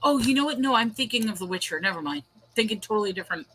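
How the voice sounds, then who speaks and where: A woman's voice: medium pitch, lively intonation, very fast, a bit bright, slight background noise. A woman hosting a casual livestream chat, rambling and laughing often as she reads viewer comments aloud. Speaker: host.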